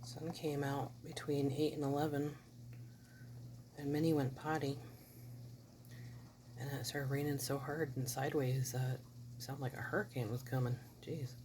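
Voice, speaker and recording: A woman's voice: rumbling low, flat delivery, moderate pace, long pauses, background noise. A woman filming her dog and cat at home on a rainy day, chatting casually and using a soothing pet voice with the dog. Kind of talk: casual home video narration.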